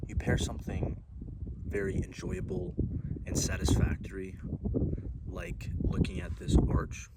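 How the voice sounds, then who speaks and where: Casual male vlogger, deep-pitched, heartfelt and profane, recorded outdoors over heavy background noise. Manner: relaxed, rambling, heartfelt, swears often. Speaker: solo van traveler. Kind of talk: casual vlog to camera. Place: outdoors at a desert arch.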